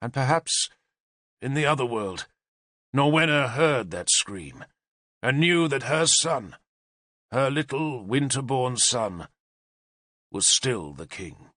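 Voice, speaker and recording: A man's voice: medium pitch, sing-song, takes it slowly, pauses often, pushed and bright, no room sound, studio quality. A man narrating an audiobook in a dramatic, intense storytelling manner.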